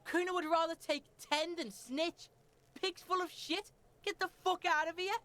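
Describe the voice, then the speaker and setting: A brash foul-mouthed street kid. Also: female voice, very high voice, fairly even intonation, normal speed, a bit bright. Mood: defiant. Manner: brash, swaggering, swears constantly. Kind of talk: game voice acting.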